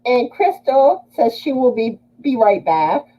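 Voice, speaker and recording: A woman's voice: a little high, sing-song, a little slow, highs cut off, slight background noise. A woman from Louisiana hosting a casual livestream, greeting viewers and reading their comments aloud.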